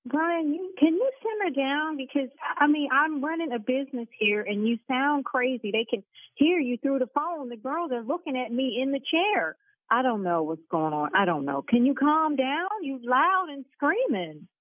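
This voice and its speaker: A woman who owns a salon, speaking over the phone in a fast, indignant, cursing manner. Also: high voice, lively intonation, dry recording. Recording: tinny phone line.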